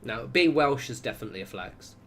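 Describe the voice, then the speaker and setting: A man's voice: mid-range voice, expressive, a little fast, creaky, fairly bright tone, a little hiss or hum. A man from Southwest England with a Southern English accent, chatting casually and rambling on a gameplay livestream, swearing now and then and reacting aloud. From England (Wiltshire, Southwest). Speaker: game streamer.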